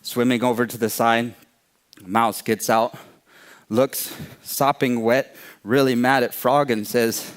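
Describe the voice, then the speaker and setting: Male oral storyteller, unhurried, repeats phrases for rhythm. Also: mid-range voice, little pitch movement, smooth. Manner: slow, repetitive phrasing.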